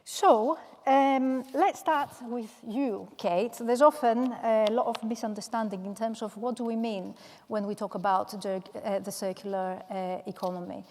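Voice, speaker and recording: A woman from Manchester moderating a panel discussion, speaking in a measured way with frequent "uh" fillers. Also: a little high, fairly even intonation, darkish tone. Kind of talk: panel introduction. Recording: long hall reverb.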